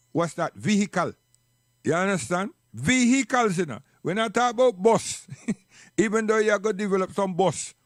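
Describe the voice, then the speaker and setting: A man with a Jamaican accent and a voice that sits high delivers an impassioned, preachy monologue, recorded with clean studio sound and no echo. He's emphatic, hammering his points with repeated questions and saying "you understand?" again and again.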